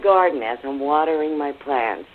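A man's voice: fairly high pitch, expressive, moderate pace, crowd noise. Male caller on a tinny phone line. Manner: teasing, jokey. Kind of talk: casual phone-in chat.

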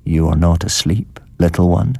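A man's voice: deep voice, moderate pace, creaky, warm tone, husky, dry recording, heavily acted. A man voicing an undead old man in a spoken storybook, speaking in a dead, toneless voice. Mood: menacing.

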